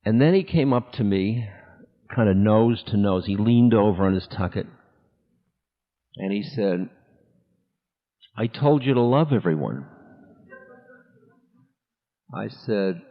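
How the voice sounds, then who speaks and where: A man's voice: on the low side, animated, slow pace, long pauses. A man as a spiritual teacher, telling a personal story to an audience in a candid, self-mocking way that breaks into laughter. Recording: echoey hall, dull older recording.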